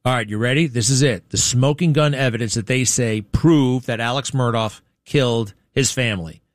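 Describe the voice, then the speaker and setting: A man's voice: mid-range voice, moderate pace, no room sound. Blunt man commenting in a dry room. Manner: conversational, rhetorical questions, blunt. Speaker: show host. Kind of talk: commentary on played clips.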